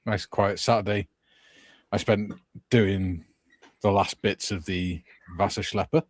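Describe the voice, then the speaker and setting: Low-voiced easygoing man hosting a call. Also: steady tone, slow, dry recording, studio quality. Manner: jokey, easygoing. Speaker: host. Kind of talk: casual chat. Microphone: video call.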